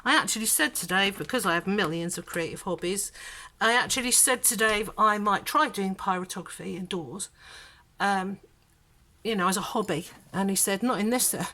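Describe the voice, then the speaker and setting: A middle-aged woman talks through a home vlog. Her voice is bright and clear, and she rambles warmly with lots of ums and restarts. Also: medium pitch, moderate pace. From southern England. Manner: chatty, rambling, with many fillers and restarts. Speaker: vlogger. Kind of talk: casual vlog chat.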